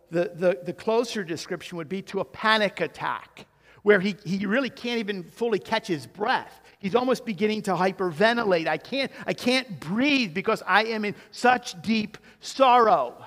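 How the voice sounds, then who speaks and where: A man with a high voice delivers a slow, deliberate sermon, leaning on rhetorical questions and repeated phrases. His words ring out with a long reverb, as if in a large church hall. He is emphatic throughout. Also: fairly bright tone. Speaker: pastor. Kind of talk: expository sermon.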